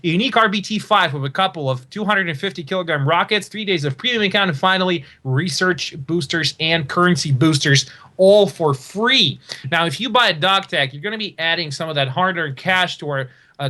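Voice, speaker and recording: Male esports caster, Russian accent, bright high voice, loose joking delivery. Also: a little fast, few pauses. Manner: joking, rambling with fillers. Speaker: esports commentator. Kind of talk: casual live game commentary.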